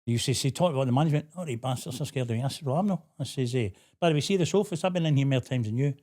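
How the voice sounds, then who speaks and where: A man's voice: mid-range voice, very fast, a little mellow. A man hosting a casual interview, chatty and quoting others in his anecdotes. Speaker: host.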